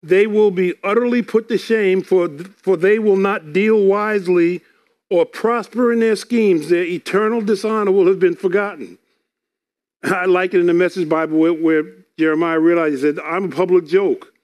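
A man's voice: high-pitched, steady tone, moderate pace, darkish tone. A man preaching a sermon, reading scripture aloud and explaining it earnestly, often repeating words.

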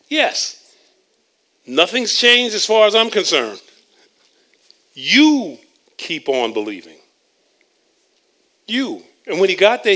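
A man preaching with fervor, his voice sitting a little higher than most. He stumbles over repeated words and jumps between ringing emphasis and hushed, low asides. The delivery is a live sermon rather than a script.

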